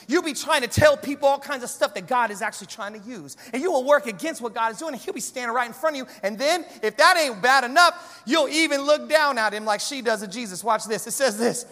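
High, bright-voiced man preaching. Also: fast talker, few pauses, big-room sound. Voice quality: animated, joking, loud storytelling. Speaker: guest preacher. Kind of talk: sermon.

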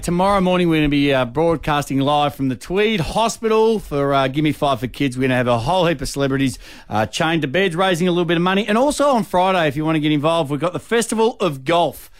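A man's voice: a little high, expressive, fast, few pauses. A man co-hosting breakfast radio, reading event plugs in a chatty, filler-heavy way. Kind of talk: casual radio announcing. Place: radio studio.

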